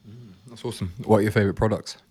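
A man's voice: lowish voice, fairly even intonation, rapid-fire, darkish tone, slightly rough. A man hosting a casual podcast, chatty and self-mocking as he tells anecdotes. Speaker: podcast host.

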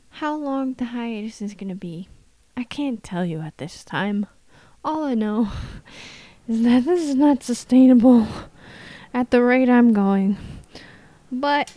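Woman, hoarse scratchy voice, mellow tone, dry close sound, tired wry podcast host, laughs between phrases. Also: on the high side, lively intonation, slow, pauses often, dry recording. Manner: tired, wry, self-deprecating, laughs often. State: hoarse from shouting. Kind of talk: casual solo podcast monologue.

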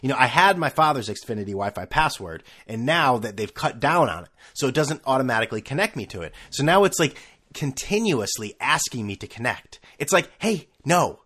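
A young man talks through a solo podcast in a loose, rambling way, stacking fillers and restarts as he goes. His tone is sarcastic and mocking, and his pitch swoops up and down in a lively, animated way. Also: brisk, slightly rough. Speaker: podcast host. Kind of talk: casual solo podcast monologue.

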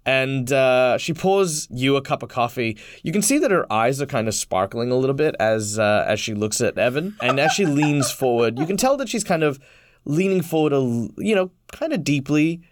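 An Australian man narrates a tabletop game as its game master, starting sentences over and filling gaps with "uh" as he describes each scene. His voice sits at a middle pitch. It is recorded close and dry, with no room sound. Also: expressive, no room sound. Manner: halting, filler-heavy narration.

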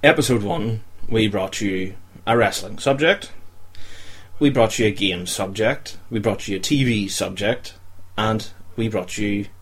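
Chatty young man, low voice. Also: a little slow, breathy edge. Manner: chatty, joking, talks to the audience. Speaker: podcast host. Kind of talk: casual chat.

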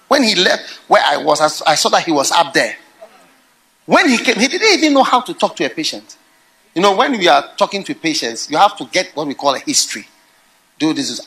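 A man preaching a sermon, telling stories and swinging between quiet musing and loud exclaiming. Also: high voice, poor audio. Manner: storytelling with acted quotes.

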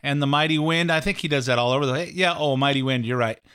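A man's voice: medium pitch, fast, a bit bright, smooth. A man hosting a talk show, rambling sarcastically through political commentary. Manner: rambling, sarcastic, mimics catchphrases.

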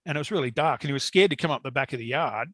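A man telling a long story in casual chat, animated and swearing freely. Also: medium pitch, very fast, slightly rough, dry recording.

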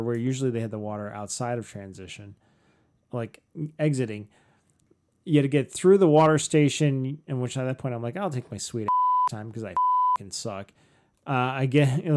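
A middle-aged man, co-host of a podcast, telling a story casually, animated and self-mocking, with frequent swearing. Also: mid-range voice.

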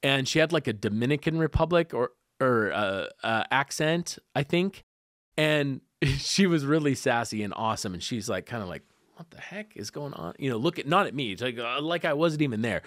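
A man speaking as a podcast guest, telling a personal story in an animated way, laughing often and acting out what people said. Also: a little high, no room sound, clean studio sound. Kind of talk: conversational storytelling.

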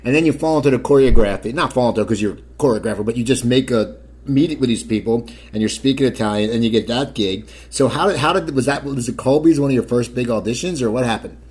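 A man's voice: mid-range voice, fast, darkish tone, breathy edge. A man interviewing a guest, asking long, rambling questions. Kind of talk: casual interview.

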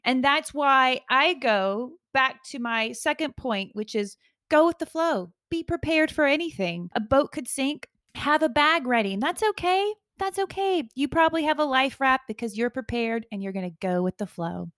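Woman from the US, high and bright, light and laughing, dry mic. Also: animated, moderate pace, no room sound. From United States. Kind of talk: casual podcast chat.

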